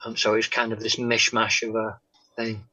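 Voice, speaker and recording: Halting man, bright tense voice. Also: on the low side, monotone. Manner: halting, many pauses and "um"s, drops to soft tones. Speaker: guest sharing a faith testimony. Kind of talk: conversational interview testimony. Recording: dull lo-fi sound.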